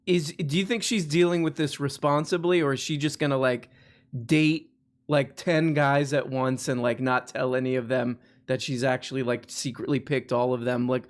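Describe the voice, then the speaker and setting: A man's voice: mid-range voice, steady tone, normal speed. A man hosting a casual live show, rambling with lots of fillers and restarts and teasing his guest. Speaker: host.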